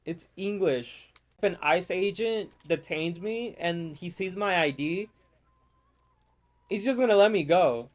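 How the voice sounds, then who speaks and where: A man's voice: high-pitched, measured pace. An American man chatting casually while playing a game, rambling and swearing as he rants. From United States. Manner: rambling, profane, ranting. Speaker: gamer. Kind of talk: casual gameplay chat.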